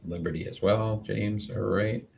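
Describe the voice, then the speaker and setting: A man's voice: fairly low pitch, steady tone, measured pace, creaky, darkish tone, a little hiss or hum. A man co-hosting a sports picks show in casual banter, announcing the matchups and joking along.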